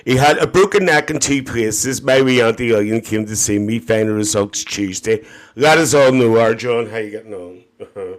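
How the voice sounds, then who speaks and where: A man's voice: medium pitch, normal speed, lightly acted. A gossiping, bawdy middle-aged auntie, played by a man, with a broad Northern Irish accent. She chats cheekily to her live-stream viewers and calls everyone dear and love. Her voice sits in a middle register and comes through a phone mic. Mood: cheeky gossip. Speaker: TikTok live host. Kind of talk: live-stream comedy character chat.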